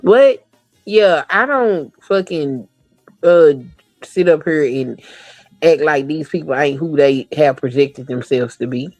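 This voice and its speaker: A woman's voice: sits low, unhurried, darkish tone, no room sound, faint music behind. A woman co-hosting a casual talk show, telling blunt, profane stories from her working life. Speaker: podcast co-host. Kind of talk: casual chat.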